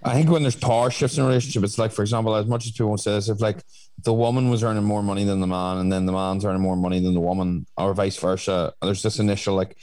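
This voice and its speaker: A man talks quickly in a fairly low voice, rambling through his points. He stacks up fillers as he goes and speaks frankly in relaxed conversation. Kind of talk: casual chat.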